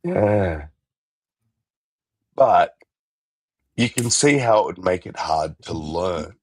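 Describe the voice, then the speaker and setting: A man in casual conversation, relaxed and profane, often laughing. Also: sits low, slow pace, slightly rough, no echo. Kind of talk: casual chat.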